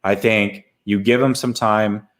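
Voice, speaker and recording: Blunt low-voiced sports talker. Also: male voice, fairly even intonation, unhurried. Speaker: sports show co-host. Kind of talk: casual sports talk.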